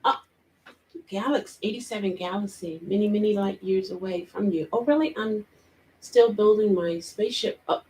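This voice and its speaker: A woman vlogger casually retelling a story and chatting with viewers, animated and quick to laugh. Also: medium pitch. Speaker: vlogger hosting a live chat.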